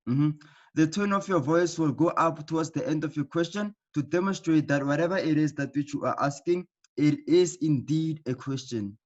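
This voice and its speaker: Teacher guy doing an online class, keeps asking okay?, higher voice, muffled audio. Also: moderate pace. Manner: patient, repeats key points with frequent "okay?" checks. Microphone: computer mic in an online class.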